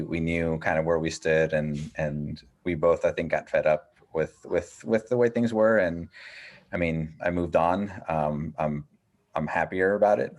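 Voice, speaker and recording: A man in his thirties, a podcast guest, chatting casually in a halting, reflective way. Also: a bass voice, a little mellow, lo-fi sound. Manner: halting, repeats words, reflective. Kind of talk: casual chat.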